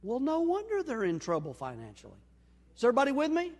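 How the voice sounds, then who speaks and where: High-voiced preacher in a reverberant sanctuary. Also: male voice, huge pitch swings, fast talker. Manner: storytelling, acts out dialogue, swings loud and quiet. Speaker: pastor. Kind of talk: sermon. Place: church sanctuary. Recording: long hall reverb.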